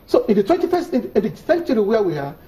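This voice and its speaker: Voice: mid-range voice, very animated, fast talker, dark tone, echoey room, rough recording. An earnest guest, making a point on a TV panel with many restarts. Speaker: studio guest. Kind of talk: TV panel discussion.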